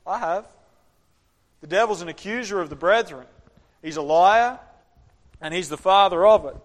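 Animated male preacher in an echoing hall. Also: sits high, moderate pace. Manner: animated preaching, acts out voices. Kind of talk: interactive sermon. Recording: long hall reverb.

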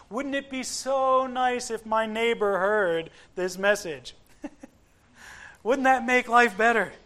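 Slow, high-voiced male preacher. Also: a bit bright. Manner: measured, emphatic, with pauses. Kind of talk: sermon.

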